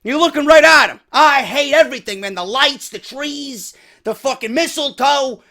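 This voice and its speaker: A man in his thirties with a New York accent and a hoarse voice, telling a story as a profane, angry rant with loud bursts. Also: very high-pitched, moderate pace. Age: 30s. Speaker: wrestling podcast host.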